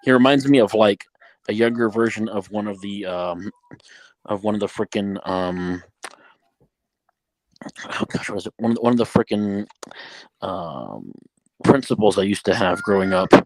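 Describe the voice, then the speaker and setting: A man co-hosting a casual sports podcast, halting and searching for words with ums. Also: on the low side, no echo, rough recording.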